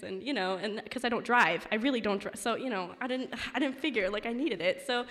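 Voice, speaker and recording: A young woman spins a personal story for a live crowd, loose and rambling with plenty of "like" and "um". Her voice sits a little high and rings bright. The sound carries a long, echoing tail from a large hall. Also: fairly quick, few pauses. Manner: chatty, filler-heavy, many "like"s.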